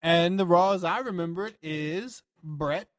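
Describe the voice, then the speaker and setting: A man co-hosting a podcast, talking in a rambling, profane and animated way. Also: high-pitched, unhurried, no room sound, studio quality. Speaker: podcast co-host. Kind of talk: casual chat.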